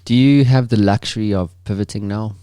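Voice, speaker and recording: A man's voice: on the low side, brisk, dark tone, smooth, no echo, studio quality. A man hosting a podcast, asking short questions and murmuring along as the guest talks. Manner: short prompts and backchannel murmurs. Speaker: podcast host. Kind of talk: casual interview.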